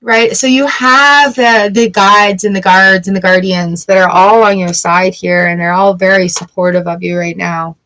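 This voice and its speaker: A woman giving a casual tarot reading, chatty and encouraging, with lively outbursts. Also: mid-range voice, moderate pace, few pauses, rough recording. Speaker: tarot reader.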